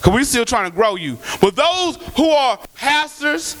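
A male pastor preaching a sermon in a church, fervent and colloquial, swinging between shouted lines and soft asides as he calls out to the congregation. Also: very high voice, big pitch swings, measured pace.

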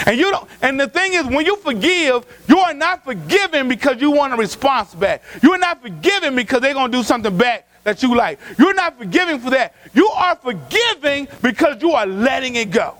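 A man preaching a sermon as pastor, moving from loud shouts to quiet hushed lines. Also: very high voice, big pitch swings, brisk, hardly any pauses, low-quality recording. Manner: preaching with rising shouts and sudden drops to a hush.

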